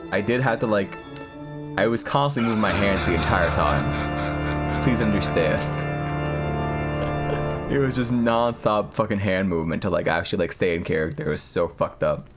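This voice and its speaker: A man's voice: fairly low pitch, expressive, moderate pace, pauses often, music in the background. A young man live-streaming, chatting casually with viewers in a rambling, profane way. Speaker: streamer reading horror stories.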